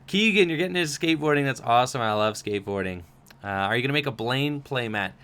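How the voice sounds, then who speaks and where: A young man with a bright, clean-sounding voice runs a relaxed livestream Q&A. He reads questions from chat and answers in a loose, rambling way full of little fillers. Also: medium pitch, fast, clean tone. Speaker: streamer answering viewer questions. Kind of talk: casual livestream Q&A.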